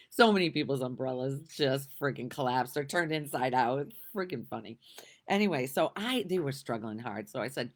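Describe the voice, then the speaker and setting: Middle-aged female vlogger, low-pitched and highly expressive, chatty and rambling, frequent laughter. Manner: rambling, laughing, lots of restarts. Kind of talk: casual storytelling vlog.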